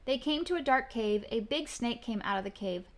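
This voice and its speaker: A mother reading a children's storybook aloud in a gentle, expressive way. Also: fairly high pitch, normal speed. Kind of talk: children's book read-aloud.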